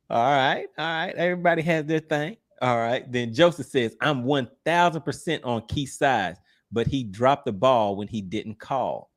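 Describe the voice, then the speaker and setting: A man hosts a casual livestream, reading out chat comments. His voice sits at an ordinary, middling pitch, and he talks in a relaxed, teasing manner with frequent laughs. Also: unhurried. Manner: easygoing, laughs often, teasing. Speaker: livestream host.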